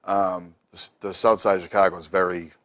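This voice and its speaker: A middle-aged man tells stories in a relaxed, chatty way. His voice sits a little low, and he slips into the voices of the people he talks about. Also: brisk. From Boston. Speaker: musician guest. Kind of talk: casual storytelling.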